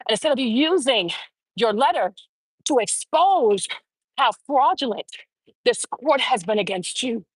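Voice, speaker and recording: A woman's voice: a little high, slightly rough, no room sound. A woman hosting her own show, giving heated, profane opinion commentary and repeating phrases for emphasis. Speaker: show host.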